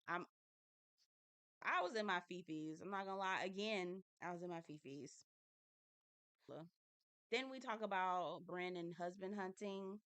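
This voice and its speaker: A woman's voice: fairly low pitch, fairly bright tone, clean tone, dry recording. A woman recapping a reality show in a casual, candid and chatty way, swearing now and then.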